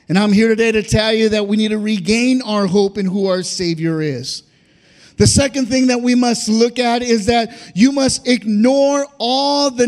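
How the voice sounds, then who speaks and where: High-pitched shouting preacher man. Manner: preaching with frequent "uh" and shouted, sing-song peaks. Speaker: pastor. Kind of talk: sermon.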